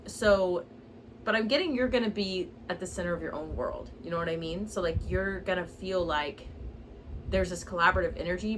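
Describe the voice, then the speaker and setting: A woman's voice: fairly low pitch, rough recording. A woman giving a casual tarot reading, chatty and loose, often saying "like" and "okay?", with the odd curse and laugh. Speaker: tarot reader. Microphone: phone. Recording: phone recording with clear background noise.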